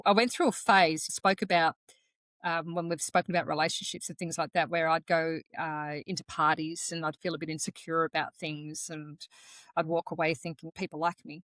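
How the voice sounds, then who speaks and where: A woman's voice: deep voice, level tone, normal speed, fairly bright tone, dry recording. A woman, co-hosting a podcast in casual, reflective chat, explaining ideas step by step. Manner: reflective, explains in steps, many restarts. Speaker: podcast co-host.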